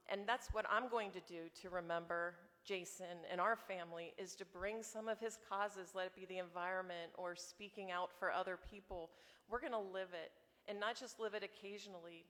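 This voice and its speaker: A woman giving a heartfelt memorial tribute, earnest and slowing down for emphasis. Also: fairly low pitch, fairly bright tone. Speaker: eulogy speaker, family friend. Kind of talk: personal memorial speech. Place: memorial service hall. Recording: echoey hall with long reverb.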